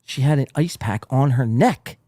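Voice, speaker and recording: A man's voice: medium pitch, moderate pace, warm tone, no echo, clean studio sound. A man hosting a podcast, giving crude, sarcastic commentary on a clip he is watching. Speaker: podcast host reacting to a clip.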